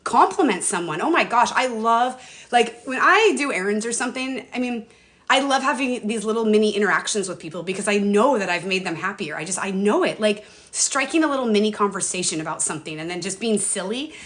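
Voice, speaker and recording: A woman in her forties livestreams from her phone at home, stepping outdoors to a bird feeder. Her medium-pitched, fairly bright voice is expressive and brisk as she chats casually, rambling, emotional and casually swearing.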